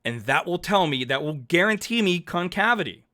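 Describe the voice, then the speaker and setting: With a high, bright, forceful voice, animated and at normal speed, a math teacher narrates calculus on a digital whiteboard. He stays chatty and upbeat, voicing his thoughts and self-correcting as he writes each step.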